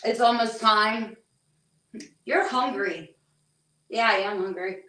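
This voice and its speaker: A woman's voice: medium pitch, fairly bright tone, recorded from a distance. Hesitant woman medium in an echoey room. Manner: halting, hesitant, restarts and relays what she hears. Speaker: psychic medium on a paranormal investigation. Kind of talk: live on-site spirit readings.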